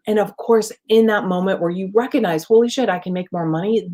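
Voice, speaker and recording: A middle-aged woman business coach giving an energetic, emphatic motivational talk to camera in a casual way. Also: mid-range voice.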